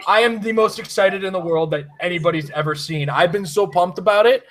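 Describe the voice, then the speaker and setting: Excitable, high-voiced man rambling with laughs. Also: brisk, poor audio. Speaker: podcast host. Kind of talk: casual chat.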